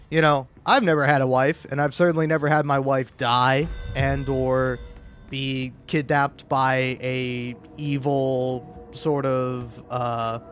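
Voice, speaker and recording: A male vlogger rambles through an emotional monologue, restarting his sentences and swearing as he goes. His voice sits a little high, and his overall pace is slow and unhurried. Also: clear, resonant tone. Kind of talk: casual opinion monologue.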